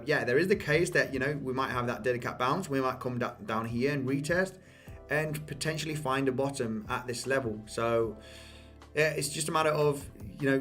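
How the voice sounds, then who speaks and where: A man giving casual market commentary over price charts, losing his voice, repeating himself and often asking "okay?". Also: medium pitch. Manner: repetitive, addresses viewers as guys, frequent "okay?" and "you know". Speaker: crypto market analyst.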